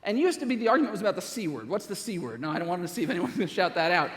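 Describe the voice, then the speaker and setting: A middle-aged man giving a humorous conference keynote, joking with quick asides and laughter. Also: high voice, very animated, a bit bright, a little hiss or hum. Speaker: keynote speaker. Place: large conference hall. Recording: long hall reverb.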